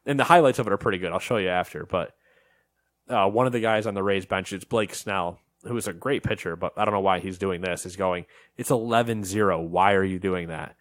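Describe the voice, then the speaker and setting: Low-voiced man telling a sports story. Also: fast talker, no room sound. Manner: animated storytelling, acts out quotes. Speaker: podcast co-host. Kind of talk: casual chat.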